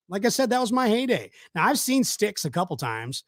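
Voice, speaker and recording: A man's voice: high-pitched, big pitch swings, a little fast, fairly bright tone, no echo, studio quality. A middle-aged man hosting a casual live show, rambling with many fillers and restarts. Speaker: host. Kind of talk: casual chat on a live stream.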